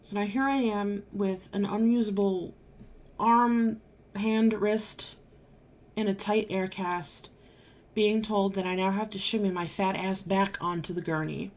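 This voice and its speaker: A woman's voice: mid-range voice, fairly even intonation, a little slow. A married woman vlogger telling a personal story to camera in an emphatic, exasperated way, now and then swearing. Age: adult, married.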